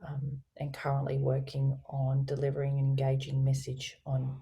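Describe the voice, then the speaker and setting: A woman voice coach, speaking as a guest over a video call, explaining her ideas with enthusiasm and lively emphasis. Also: very deep voice, moderate pace, vocal fry. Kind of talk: guest in a business interview.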